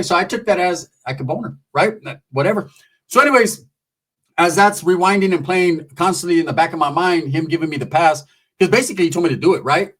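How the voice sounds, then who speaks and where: Profane, animated high-voiced storyteller. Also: male voice, fast, breathy edge. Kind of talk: comedic storytelling.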